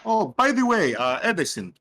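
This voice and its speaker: A man's voice: high voice, very animated, moderate pace, a bit bright, a little hiss or hum. A man playing a tabletop game online, mixing casual chat with in-character remarks. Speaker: player.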